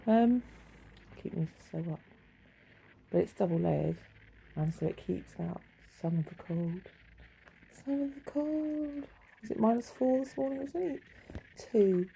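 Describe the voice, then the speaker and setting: A woman's voice: lowish voice, moderate pace, vocal fry, long pauses, warm tone, a little hiss or hum, low-quality recording. A middle-aged woman chatting in a rambling, wry way at home, swearing freely. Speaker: vlogger. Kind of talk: rambling casual monologue. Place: home bedroom.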